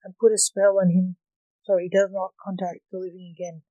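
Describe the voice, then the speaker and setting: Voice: medium pitch, little pitch movement, moderate pace, dark tone, no echo, dull audio, close to an everyday voice. Blake: a reader doing a moaning, dour man. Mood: gloomy. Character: gloomy Blake, a weary emperor figure, male.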